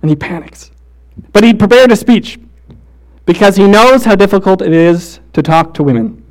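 A man with a high, light voice delivers a sermon. He tells stories in a quick, casual way, peppered with "like" and "right?", then slows to a soft, intense hush for emphasis. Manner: shifts between fast casual storytelling and slow hushed emphasis. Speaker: preacher.

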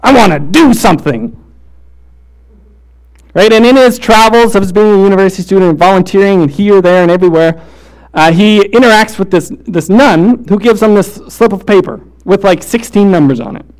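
A man with a high, smooth voice preaches a sermon. He alternates between fast, casual storytelling packed with "like" and "right?" and slow, hushed emphasis.

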